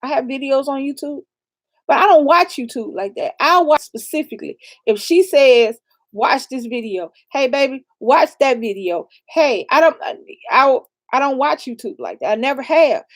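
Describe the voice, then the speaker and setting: A high-pitched woman co-hosting a casual chat, telling animated stories full of loud exclamations. The recording is dry and close, with no room sound. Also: moderate pace, no echo. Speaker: co-host of a couple's channel.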